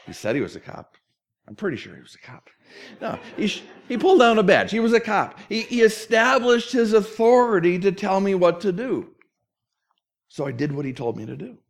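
The sermon comes from a middle-aged man with a high voice, speaking a little fast. As a pastor, he tells animated stories and dramatizes the quotes.

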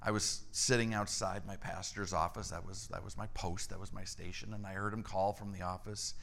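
A middle-aged man preaching a storytelling sermon, acting out the dialogue in his tale with lively energy. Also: deep voice, brisk, vocal fry. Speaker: church staff member preaching.

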